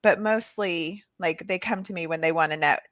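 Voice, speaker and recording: A woman's voice: lowish voice, normal speed, fairly bright tone, dry recording. A woman in a casual group chat who talks frankly and directly.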